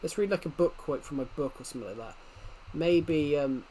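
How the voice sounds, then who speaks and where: A man's voice: fairly high pitch, brisk, mellow, a little hiss or hum. A young man with a working-class southwest England accent, chatting casually on a live stream, rambling and repeating himself as he reads the chat aloud.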